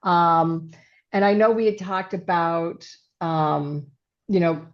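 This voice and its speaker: Chatty woman business coach, lowish voice, muffled lo-fi recording. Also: slow pace. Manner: chatty storyteller, many fillers and asides. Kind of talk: casual podcast chat. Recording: dull lo-fi sound.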